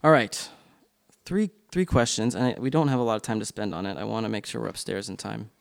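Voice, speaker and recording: A man's voice: fairly low pitch, fairly quick, creaky. A man leading a church class discussion in a loose, unscripted way, with frequent ums and restarts.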